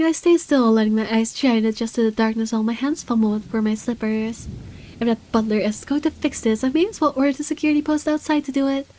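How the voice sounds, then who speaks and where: A woman's voice: fairly high pitch, mellow, close to an everyday voice. A woman reading a visual novel aloud as an irritable wealthy man with guards, in dry, sardonic first-person narration.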